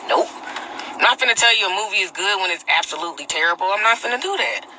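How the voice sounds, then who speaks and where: Woman, livestream host, blunt and slangy, very bright tense voice, faint background noise. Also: medium pitch, very animated, quick pace, poor audio. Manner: reads and answers viewer comments. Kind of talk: casual livestream rant. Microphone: phone.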